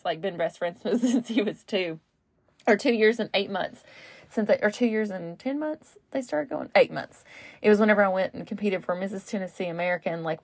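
She's a podcast host talking solo and casually, rambling along with fillers and self-corrections. Her voice is lowish, and the recording is dry.

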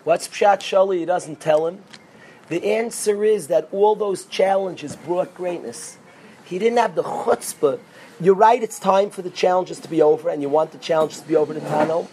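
Rabbi guy teaching a class, high voice, gets loud and excited, drops hebrew and yiddish words. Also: moderate pace, slight background noise. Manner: animated, rising to near-shouts when excited; sprinkles Hebrew and Yiddish terms. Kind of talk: informal Torah class.

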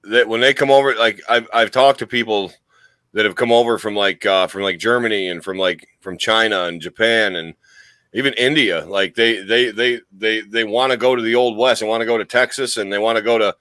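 A man's voice: on the low side, steady tone, brisk, sharp tone, no room sound, poor audio. A man co-hosting a casual comedy podcast, swearing freely and making colorful folksy comparisons. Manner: folksy swearing with colorful comparisons, mock cowboy drawl at times. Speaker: podcast co-host.

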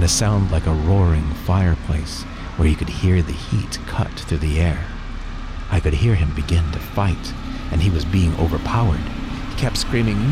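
A man hosting a podcast, narrating a first-person story in a calm, earnest way. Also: low-pitched, normal speed, over music.

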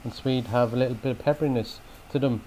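A man's voice: mid-range voice, fairly even intonation, quick pace, warm tone. A man explaining traditional dishes in a casual chat, often restarting his sentences as he goes. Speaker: chef guest. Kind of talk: casual chat about cooking.

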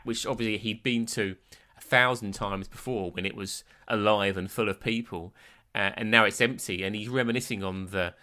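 A man's voice: lowish voice, sharp tone. A man co-hosting a podcast, chatting enthusiastically about a documentary. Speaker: podcast co-host. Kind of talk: casual chat reviewing a documentary.

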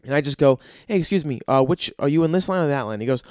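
A man's voice: fairly high pitch, expressive, fast, a little mellow, no room sound. A man telling a stand-up story, cursing a lot and working himself up into exasperated rants. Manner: profane, ranting, exasperated outbursts. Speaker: comedian.

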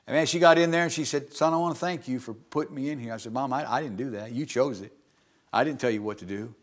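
A middle-aged man preaching in church, telling a personal testimony in a folksy way and calling for amens. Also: a little high. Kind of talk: sermon testimony.

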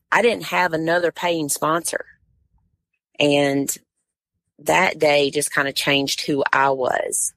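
A woman tournament director, appearing as a podcast guest, tells a story in casual conversation and acts out what others said. Her deep voice has vocal fry, with no echo.

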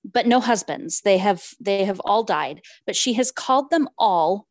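A woman co-hosts a book podcast, chatting casually as she recaps a novel's plot and reads passages aloud, apologizing for her Spanish pronunciation. Her medium-pitched voice is expressive and measured in pace, with no room sound.

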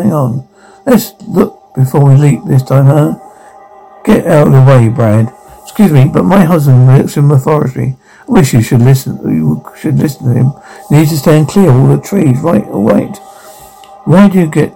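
A man reading a horror show's captions aloud, sound cues included, in an even, uninflected way with brief stumbles. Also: mid-range voice, moderate pace, creaky, slightly rough, faint music behind, poor audio.

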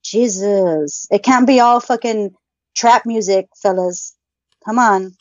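A woman's voice: mid-range voice, takes it slowly, no echo. A woman co-hosting a podcast, swearing constantly and ranting in mock anger in casual chat. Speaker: podcast co-host. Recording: dull lo-fi sound.

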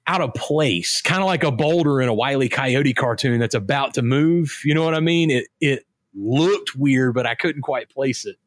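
A man with a Southern American accent, co-hosting a podcast in casual, animated chat, laughing and breaking off mid-sentence. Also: medium pitch, moderate pace, few pauses, dry recording, studio quality. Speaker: podcast co-host.

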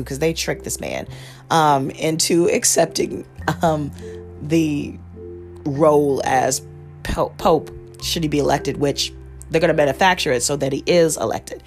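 A woman with a notably low voice talks through a TV series on her podcast, rambling and correcting herself as she goes. Faint music plays underneath. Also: fairly even intonation, unhurried, darkish tone. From United States. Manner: rambling, lots of fillers and self-corrections. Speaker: podcast host. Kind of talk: casual rambling review.

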